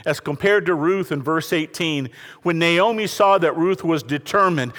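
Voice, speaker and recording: A man preaching a sermon to a congregation, swinging from quiet, intimate passages to raised appeals and calling on listeners to turn to their neighbors. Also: fairly high pitch, moderate pace. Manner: preaching with lively rises and falls, addressing the congregation. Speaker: pastor. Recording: reverberant hall.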